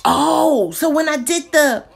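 A woman hosts a casual shopping check-in, joking and talking to herself. Her speech is slow and relaxed, and her pitch sits a bit high and swings widely from line to line. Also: creaky, faint music behind. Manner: playful, talks to herself, drops into whispers and laughs. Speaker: vlogger reviewing shopping deals.

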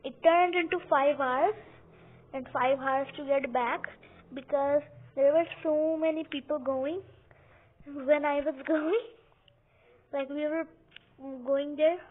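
Young woman, high and unhurried, giggly rambling game commentary, lo-fi phone-quality sound. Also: fairly even intonation. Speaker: gaming video host. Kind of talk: casual gameplay commentary. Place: home, lying on a couch. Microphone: phone or computer mic, sometimes covered by her hand. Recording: tinny phone-like audio with faint hiss.

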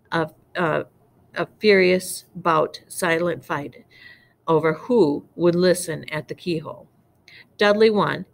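Low, gravelly woman reading aloud. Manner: unpolished, stumbling over words. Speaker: reader.

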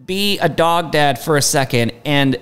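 A man's voice: fairly high pitch, unhurried, a bit bright, clean tone. A man co-hosting a podcast, with an Oklahoma accent, joking in casual chat and laughing often. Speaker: podcast co-host.

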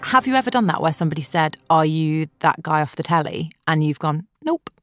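A woman's voice: sits low, expressive, brisk, a bit bright, no echo, clean studio sound, soft background music. A woman co-hosting a podcast, chatting playfully and teasing the narrator. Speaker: podcast co-host. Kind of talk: casual chat.

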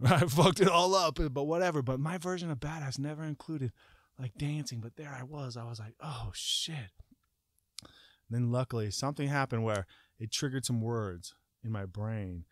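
Brief: man, young adult, casual swearing storyteller, dry close sound, jumps into shouted bits. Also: mid-range voice, normal speed, no room sound. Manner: animated, profane, acts out his own panic with sudden shouts.

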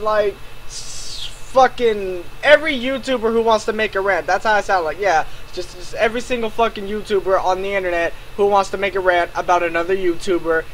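A man's voice: high voice, slight background noise. Foul-mouthed young man ranting. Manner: swears constantly, swings into shouting and laughing disbelief. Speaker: YouTuber ranting about another creator. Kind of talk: angry reaction rant.

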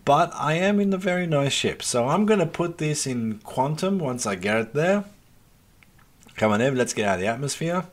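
A man's voice: on the high side, lively intonation, moderate pace. A man hosting a let's play, chatting casually to viewers as folks, swearing freely and muttering at the game as he goes. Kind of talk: casual gameplay commentary.

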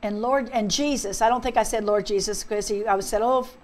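A woman's voice: mid-range voice, fairly even intonation, brisk, a little mellow. A woman minister giving a fervent personal testimony, speaking earnestly and often repeating herself. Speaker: guest minister.

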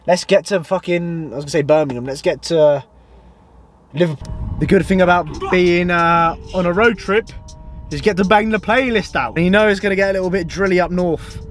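A man's voice: high-pitched, a little fast, a little hiss or hum. A man, a bodybuilder vlogging a road trip from his car and a supermarket in rambling, sweary banter. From south of England. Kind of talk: casual road-trip vlog.

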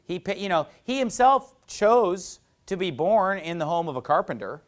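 A man's voice: sits high, lively intonation, moderate pace. A middle-aged male pastor preaching a sermon, telling stories in a loose, conversational way with lots of "you know".

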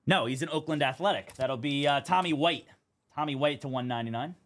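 A man's voice: fairly high pitch, fairly quick, a bit bright. Young guy running a card break stream, casual chatty play-by-play of each card. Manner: casual, chatty, calls out cards and teams. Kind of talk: live stream commentary.

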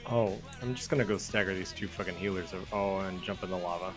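A man's voice: low voice, fairly even intonation, quick pace, over music, poor audio. A young man gaming with a friend over voice chat, swearing a lot and ranting mockingly in casual banter. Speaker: gamer on voice chat.

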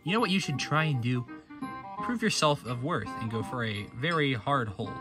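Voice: medium pitch, animated, normal speed, over music, voice pushed down, lightly acted. A performer voicing a sly, armless crocodile creature who coaxes and schemes, in an amateur plush-toy dub. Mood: coaxing. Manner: sly, coaxing.

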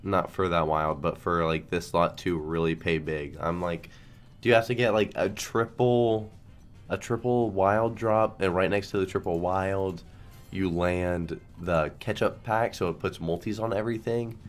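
A man's voice: low-pitched, fairly even intonation, unhurried, faint music behind. A young man who is sick and coughing, chatting casually and rambling as he streams a slot game. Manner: rambling, self-deprecating, lots of restarts. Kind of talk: casual gambling stream commentary.

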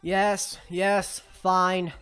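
A woman's voice: lowish voice, flat delivery, very slow, fairly bright tone, clean tone, soft background music. A woman voicing a young, exasperated, foul-mouthed male fox sidekick in an amateur cartoon. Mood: grudging. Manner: exasperated, sighing, swears a lot.

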